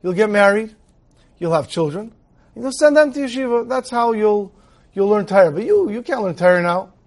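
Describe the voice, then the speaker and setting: Brief: man doing an exasperated rich father, high voice, incredulous. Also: lively intonation, normal speed. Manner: incredulous questioning. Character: wealthy learned father, exasperated with his grown son.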